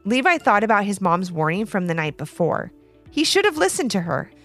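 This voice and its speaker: Female children's-story narrator, animated and lively, faint music under. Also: medium pitch, a little fast. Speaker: storyteller host.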